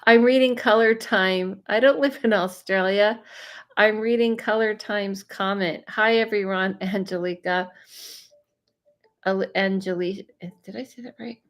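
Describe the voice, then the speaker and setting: In an unhurried, steady medium-pitched voice, a woman chats casually on a psychic-medium livestream, reading comments from viewers with frequent laughs and fillers. She is at home in Los Angeles, slightly stuffy from allergies, with faint background music.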